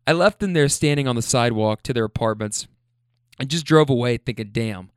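A man's voice: mid-range voice, fairly quick, clean tone, no echo, clean studio sound. Chatty profane man telling a story. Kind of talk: casual storytime.

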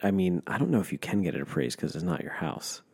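A man's voice: sits low, very animated, quick pace, gravelly, darkish tone, slightly rough. Blunt, swearing young man. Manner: blunt, swears often, talks over the other speaker. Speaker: podcast co-host. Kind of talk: casual chat.

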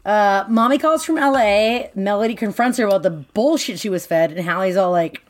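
A woman's voice: mid-range voice, a little fast. Woman, podcast co-host, casual book recap, chatty, irreverent, crude humor. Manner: chatty and irreverent, retelling plot with crude jokes.

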